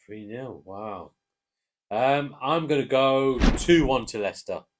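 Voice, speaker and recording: A man with an English accent casually chatting through football match predictions, relaxed and hesitant with fillers. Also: mid-range voice, takes it slowly, background noise. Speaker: co-host giving match predictions. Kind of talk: casual chat.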